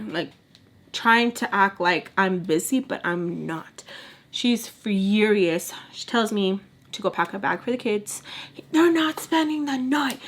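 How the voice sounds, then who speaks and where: A young woman vlogger telling a long personal story, chatty and animated, acting out the other people's lines and saying "like" a lot. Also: medium pitch. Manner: lots of filler "like". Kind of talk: casual storytime while doing makeup.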